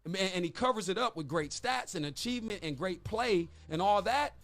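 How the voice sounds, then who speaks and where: High-voiced emphatic man, radio co-host. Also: lively intonation, a little fast, a bit bright, soft background music. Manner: emphatic, preachy, rhetorical questions. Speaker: morning show co-host. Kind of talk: radio talk show debate. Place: radio studio.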